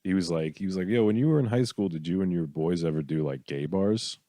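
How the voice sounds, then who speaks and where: A man who is a guest on a comedy podcast, telling stories in a low-key, mumbling way during casual chat. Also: a little fast, warm tone, dry recording.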